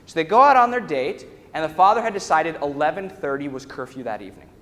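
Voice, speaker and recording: A man's voice: on the high side, animated, fast, a bit bright. A man, a workshop trainer, telling a story to a live audience in a large lecture hall and often checking in with his listeners. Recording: echoey hall with faint ambience.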